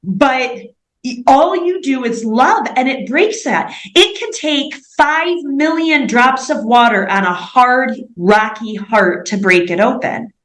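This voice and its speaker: Lively woman telling stories, bright pitch. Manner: animated, fast-paced anecdotes with frequent "like". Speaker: missionary guest. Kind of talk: storytelling in an interview. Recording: roomy echoey recording.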